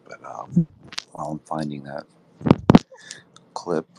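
A man's voice: extremely low pitch, a little fast, heavy background noise. A man hosting a live audio chat room, talking loosely with lots of fillers. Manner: relaxed, rambling, filler-heavy talk. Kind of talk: casual chat. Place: Thailand.

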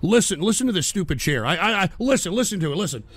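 A man hosting a live stream show, exasperated and profane, ranting and breaking into shouting outbursts. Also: high-pitched, big pitch swings, very fast, slight background noise. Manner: profane and comedic. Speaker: livestream show host.

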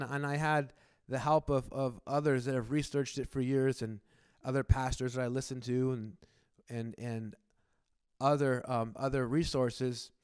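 A man's voice: mid-range voice, smooth, no echo, studio quality. A man preaching a sermon at a church service in a conversational style, often restarting words and asking the congregation questions. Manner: asks the congregation direct questions. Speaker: pastor.

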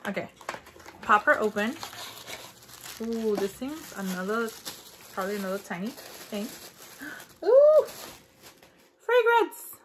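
A woman's voice: mid-range voice, normal speed, long pauses, a little hiss or hum. A woman vlogging casually as she unboxes an advent calendar at her desk, gasping and exclaiming over each item. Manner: excitable, gasping and exclaiming while unwrapping. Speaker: beauty vlogger. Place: indoors at a desk.

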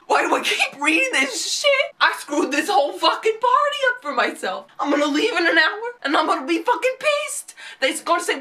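A woman ranting in a reaction vlog, swearing constantly and breaking into shouted outbursts. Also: high voice, very animated, moderate pace. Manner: profane, rants with shouted outbursts. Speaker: vlogger reacting to a webtoon chapter.

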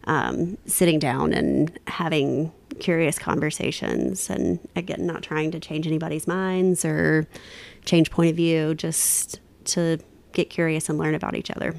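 A woman's voice: low-pitched, a little slow, gravelly, a little mellow, dry recording. A woman guest on a podcast, earnestly explaining her views in casual conversation and often murmuring agreement. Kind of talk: casual interview chat.

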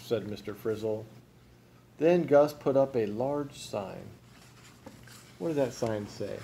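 Man, dad, reading a picture book aloud, asks the kids questions, mellow tone. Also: medium pitch, gravelly, a little hiss or hum. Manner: storytelling, pausing to ask the listener questions. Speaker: father.

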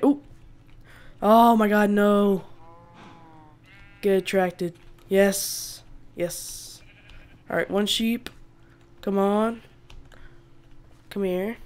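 A woman's voice: mid-range voice, a little mellow. Chatty woman narrating a survival game. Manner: chatty, laughs often, exasperated outbursts at animals. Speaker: gaming video host. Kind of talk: casual let's-play commentary.

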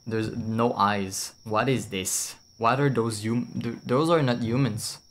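A man's voice: mid-range voice, slow, fairly bright tone, a little hiss or hum. A young man streaming a horror game with casual, jokey, rambling commentary, swearing and laughing often.

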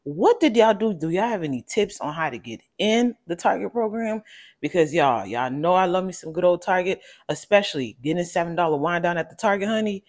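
Sassy, animated woman vlogger. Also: fairly low pitch, fairly quick. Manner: sassy, playful, animated with sudden loud exclamations. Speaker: vlogger reviewing a wine. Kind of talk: casual chat to camera.

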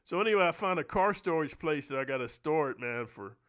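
A man's voice: a little high, expressive, fairly quick, a bit bright, clear, resonant tone. A man talking straight to his viewers in a loose, profane vlog rant, swearing constantly and tagging lines with "bro" and "man.". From United States. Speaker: stunt performer and vlogger. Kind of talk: casual profane monologue to camera.

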